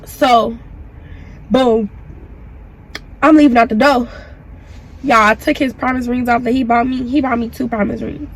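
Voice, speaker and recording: A young woman vlogger casually retelling a personal story, animated and profane, acting out the back-and-forth. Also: fairly high pitch, unhurried, pauses often, husky. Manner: animated, profane, acts out the dialogue.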